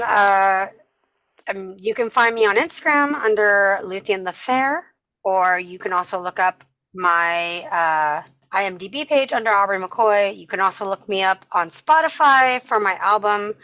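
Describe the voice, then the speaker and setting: A woman's voice: medium pitch, bright, forceful tone, dull audio. A woman from California introducing herself on a video call, breezy and offhand, laughing easily. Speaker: table read participant. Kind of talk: casual self-introduction.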